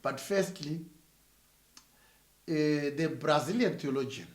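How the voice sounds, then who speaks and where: Emphatic Zimbabwean minister, high voice. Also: male voice, expressive, slow, echoey room. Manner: emphatic, repeats phrases with rising force. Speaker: church minister, guest. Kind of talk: interview answers, sermon-like.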